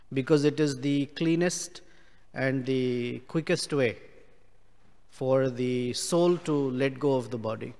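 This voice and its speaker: A man giving a scripture class, explaining Sanskrit words slowly with many pauses. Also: mid-range voice, darkish tone, long reverb tail. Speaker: class speaker.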